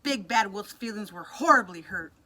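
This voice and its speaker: A woman reading a picture book aloud with a lively, expressive delivery. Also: normal speed, heavy background noise. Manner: lively, expressive reading that shifts pitch for the characters. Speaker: storybook reader.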